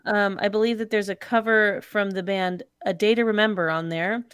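A woman's voice: medium pitch, steady tone, moderate pace, a bit bright, clear, resonant tone, no echo. Wry woman reading listener emails. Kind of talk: casual chat.

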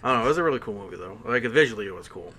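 A man's voice: fairly low pitch, animated, racing, bright, forceful tone, a little hiss or hum. A man hosting a casual podcast chat, eager and rambling as he talks. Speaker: podcast host.

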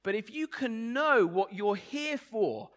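Bright-voiced preacher, playful. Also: male voice, high voice, animated, takes it slowly. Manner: playful, asks the congregation questions. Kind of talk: sermon.

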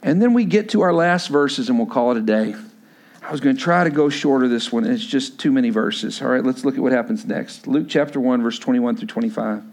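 A young adult man preaching a sermon as pastor, telling a personal story and building to loud, emphatic exhortation. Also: medium pitch, brisk.

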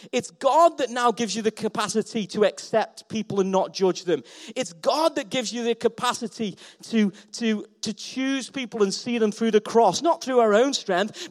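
A man delivers a sermon to a church hall, with a fairly high pitch for a man. He talks with passion and repeats his phrases for emphasis. His voice swells loud and then drops soft. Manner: passionate, rising and falling in volume, repeats phrases. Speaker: pastor.

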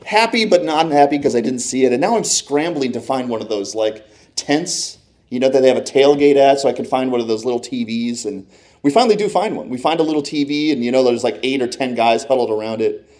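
A man telling a personal sports anecdote in a lively way, acting out his own past reactions as he goes. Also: mid-range voice, fairly quick. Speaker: storyteller.

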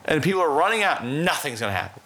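A man's voice: a little high, sing-song, fast, bright, forceful tone. A man co-hosting a podcast in casual chat, rambling and profane, laughing often. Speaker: podcast co-host.

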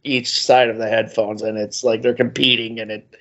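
A man's voice: on the low side, level tone, moderate pace, sharp tone. A man co-hosting a podcast in casual chat, dry and sarcastic, often laughing as he critiques an album. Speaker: podcast co-host.

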